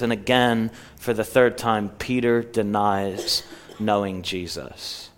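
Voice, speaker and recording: A middle-aged man preaching a sermon in a church, retelling a story with quotes and slowing down for emphasis. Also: fairly low pitch, steady tone, smooth. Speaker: pastor.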